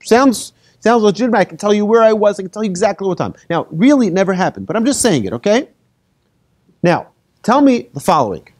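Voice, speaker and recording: Animated rabbi lecturing with lively pitch. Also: male voice, fast. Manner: animated, asks the audience questions, tells hypothetical stories. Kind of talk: lively lecture to a live audience.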